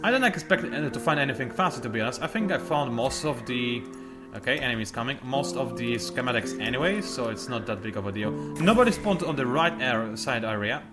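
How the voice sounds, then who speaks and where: A man with a medium-pitched voice and lively intonation talks briskly as a let's play commentator, narrating a strategy game while he plays. He's chatty and explains each move, often trailing off and restarting sentences, with game music behind him.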